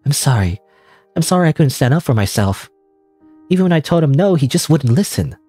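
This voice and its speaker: A fragile, self-loathing teenage schoolgirl narrating her own thoughts in a game, as a man reads her aloud. Her words come apologetic and brittle, in a mellow, husky voice with wide pitch swings. Faint music sits underneath. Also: big pitch swings, fairly quick, dry recording.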